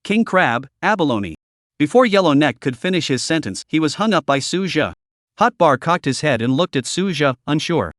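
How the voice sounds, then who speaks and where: A man narrating a scripted story recap with a lively, expressive reading. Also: a little high, fairly quick, no room sound, studio quality.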